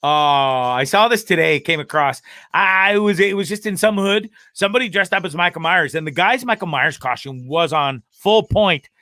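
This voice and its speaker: Profane ranting man, bright dry voice. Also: fairly high pitch, normal speed, no echo. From Canada. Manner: profane, ranting and laughing often. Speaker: host of a live web show. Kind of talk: casual live-stream chat.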